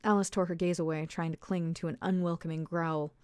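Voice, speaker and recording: A woman, an author reading her own novel aloud in a measured, steady way. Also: lowish voice, clear, resonant tone, no room sound, clean studio sound. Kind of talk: storybook narration.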